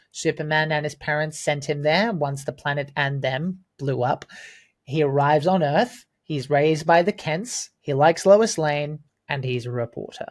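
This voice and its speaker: Earnest man narrating a video essay. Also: fairly high pitch. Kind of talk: scripted film commentary.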